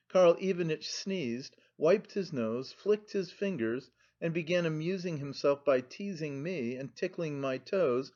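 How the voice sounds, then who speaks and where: A man reads an audiobook aloud in a slow, measured way. His voice sits a little high for a man. The recording has a dull, lo-fi sound. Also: a little mellow. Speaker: audiobook narrator. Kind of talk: scripted audiobook narration.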